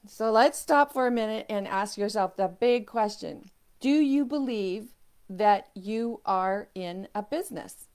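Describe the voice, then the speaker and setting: A woman's voice: on the high side, a little mellow. Brief woman motivational coach, earnest, acts out inner-doubt voices between points. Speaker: self-confidence coach. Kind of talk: motivational video talk.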